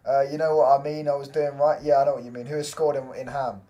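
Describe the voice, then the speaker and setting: A young man streaming a live football watchalong, talking to his chat in loose, slang-filled banter. His voice sits at an ordinary middle pitch, and he keeps up a running stream of reactions to the game. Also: little pitch movement, fast, dark tone, lo-fi sound.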